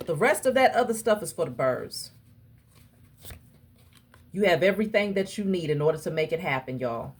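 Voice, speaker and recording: A woman giving a casual tarot reading to her viewers, talking emphatically and in a preachy way straight to them, with a husky voice. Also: fairly low pitch, animated, moderate pace, long pauses. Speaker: tarot reader.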